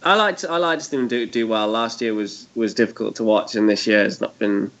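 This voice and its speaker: A man's voice: on the low side, normal speed, a bit bright, highs cut off. A man joining a sports podcast as a guest, hesitant and self-deprecating with small chuckles. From United Kingdom. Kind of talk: casual podcast chat.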